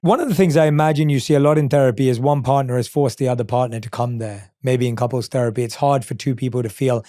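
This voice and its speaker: A man's voice: medium pitch, fast, few pauses, mellow. A man hosting a podcast, asking long, reflective questions. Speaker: podcast host. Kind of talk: podcast interview.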